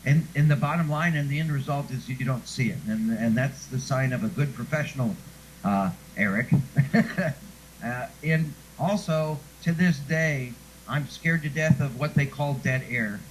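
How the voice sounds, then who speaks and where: A man's voice: mid-range voice, a little slow, a little hiss or hum, poor audio. A man being interviewed who once read radio news, telling chatty stories and laughing often. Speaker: guest; former radio newscaster. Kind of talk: casual chat.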